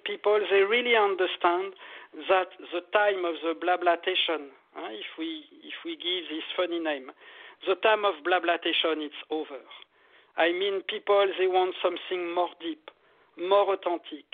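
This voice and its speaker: High-voiced man over a phone-like line. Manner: animated, repetitive, laughs often. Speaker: meditation teacher, guest. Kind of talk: casual interview.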